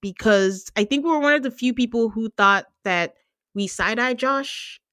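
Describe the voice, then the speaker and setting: A woman's voice: fairly high pitch, normal speed, fairly bright tone, dry recording, studio quality. A woman hosting a podcast, recapping a show in casual chat and laughing often. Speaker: podcast host.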